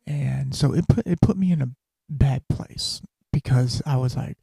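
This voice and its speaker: A man's voice: medium pitch, measured pace, vocal fry, mellow, breathy edge, dry recording. A man hosting a podcast, telling a personal story in a candid, rambling way and dropping to a whisper when he quotes his own thoughts. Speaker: podcast host.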